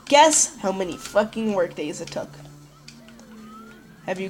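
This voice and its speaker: A woman's voice: medium pitch, lively intonation, a little slow, pauses often, darkish tone, soft background music. A woman hosting a let's play, talking casually and profanely with lots of "like" and "dude". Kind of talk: gameplay commentary.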